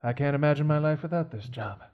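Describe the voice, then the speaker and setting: A man voicing a weary old male butler, gloomy and devoted, in halting, quiet improvised movie-dub comedy. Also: on the high side, lo-fi sound, voice pushed down, natural voice.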